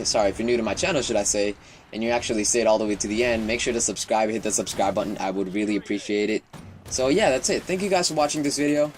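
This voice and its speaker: A man's voice: lowish voice, slight background noise. A teenage boy vlogging, telling a childhood story in a rambling, profane way with laughs and restarts. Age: teens. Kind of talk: casual storytelling.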